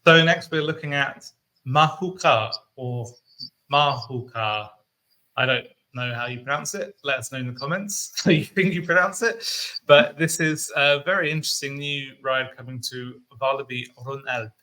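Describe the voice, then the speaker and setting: Bright-voiced British man chatting casually. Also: medium pitch, moderate pace, few pauses. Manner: chatty, thinking aloud with fillers. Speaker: co-host. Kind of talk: casual chat.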